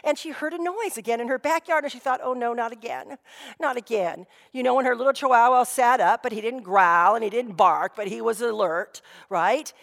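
A woman's voice: a little high, fairly quick, gravelly, hardly any pauses, a bit bright. A woman pastor giving a sermon in a conversational storytelling way, often saying "you know". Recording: long reverb of a hall.

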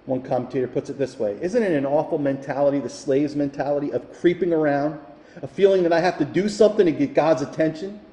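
A man's voice: fairly high pitch, warm tone. A male pastor preaching a sermon that builds to fervent emphasis. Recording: echoey hall, reverberant.

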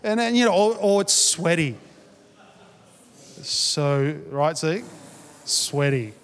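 A man delivers a sermon in a reverberant church hall. His voice sits fairly high, and his tone is easy and conversational as he tells stories. He then lifts into emphatic, repeated declarations. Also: expressive, takes it slowly. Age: 40s. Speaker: pastor. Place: church auditorium.

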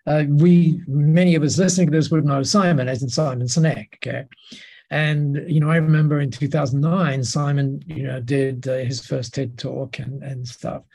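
A man as a podcast guest telling lively anecdotes in a casual interview, with many restarts. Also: medium pitch, moderate pace, vocal fry, breathy edge.

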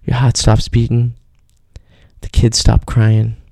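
A man's voice: mid-range voice, monotone, slow, vocal fry, darkish tone, no room sound. A man hosting a comedy show, rambling through a monologue and talking straight to his listeners. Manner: rambling, loses his train of thought, addresses listeners. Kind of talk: stand-up style monologue.

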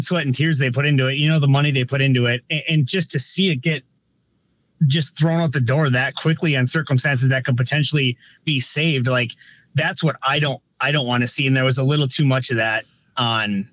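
A man's voice: medium pitch, brisk, fairly bright tone, no room sound. A man who directs races, talking casually on a podcast, rambling with frequent restarts and filler phrases. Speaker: race director.

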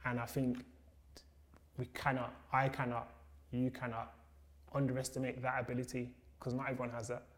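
A man's voice: medium pitch, monotone, moderate pace, long pauses. A man hosting a casual podcast chat, encouraging and thoughtful, often backchanneling. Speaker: podcast host.

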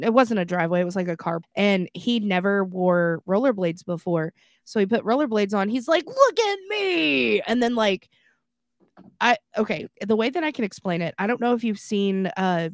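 A woman co-hosting a podcast, telling a childhood story in an animated way, often laughing. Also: medium pitch, no room sound, studio quality. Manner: animated, laughing, full of fillers. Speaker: podcast co-host. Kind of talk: casual storytelling.

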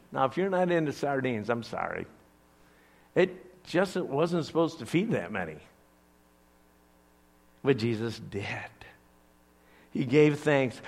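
An older man, a grandfather, preaching a sermon with animated, playful storytelling and asides. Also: high voice. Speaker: pastor.

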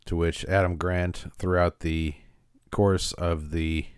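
Deep-voiced man recapping an episode. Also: flat delivery, takes it slowly, smooth, no room sound, clean studio sound. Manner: conversational, with frequent fillers and restarts. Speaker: podcast host.

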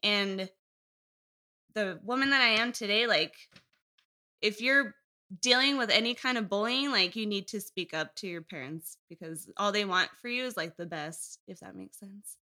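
A young woman talks candidly as a podcast guest, wandering from thought to thought and breaking into laughter. Her voice is very bright and forward, pitched in an ordinary middle range. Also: moderate pace. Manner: rambling, candid, laughs often. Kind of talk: casual podcast interview.

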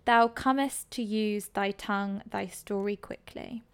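A woman's voice: medium pitch, fairly even intonation, clear, resonant tone, natural voice. A woman reading as a doomed, weary king. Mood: bleak despair. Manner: measured dramatic reading. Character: doomed weary male king, grief-struck.

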